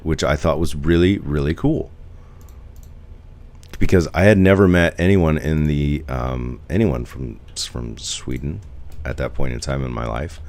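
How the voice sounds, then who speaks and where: A man in his forties from the United States, chatting casually on a live stream, rambling and answering viewer comments. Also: extremely low pitch.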